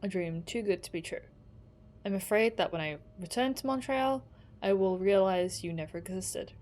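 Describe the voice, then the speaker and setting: A woman's voice: mid-range voice, moderate pace, darkish tone, close to an everyday voice. M, a woman reading as a lovesick 1940s letter writer. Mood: longing. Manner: reading aloud, tender then resigned. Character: young woman writing love letters, 1940s. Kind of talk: reading game letters aloud.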